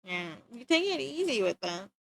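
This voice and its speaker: A woman livestreaming while she draws, chatting in an animated, joking, self-mocking way and laughing easily. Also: fairly high pitch, normal speed, gravelly, a little hiss or hum, poor audio. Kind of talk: casual stream chat while drawing.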